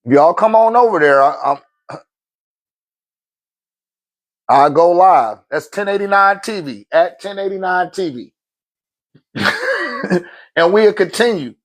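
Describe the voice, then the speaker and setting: A man with a fairly high voice talks straight into his phone on a livestream. He preaches in loose, slangy bursts and laughs often as he makes his points. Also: very animated, measured pace, pauses often. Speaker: livestream host. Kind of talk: casual livestream talk.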